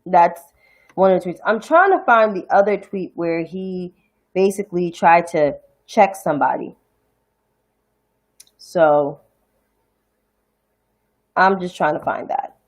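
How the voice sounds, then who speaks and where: A woman's voice: fairly low pitch, expressive, takes it slowly, long pauses. A woman from Harlem with a New York accent, hosting a casual livestream commentary show. She rants bluntly and profanely. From New York City (Harlem). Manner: blunt, profane, indignant ranting.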